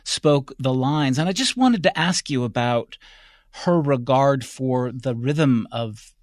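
A man hosting an interview, asking measured questions and laughing easily. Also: medium pitch, lively intonation, no room sound, studio quality. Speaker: interviewer and host. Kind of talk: radio-style interview.

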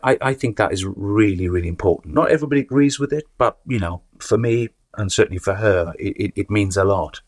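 A man with a low, husky voice speaks as an interview guest. He talks thoughtfully, circling and repeating words as he searches for how to put things. He sounds like an actor and teacher reflecting on his craft. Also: fairly quick, few pauses.

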